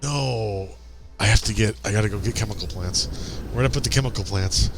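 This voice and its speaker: A man's voice: on the low side, fairly quick, over music. A man streaming a game, rambling and thinking aloud as he plays. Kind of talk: casual gameplay commentary.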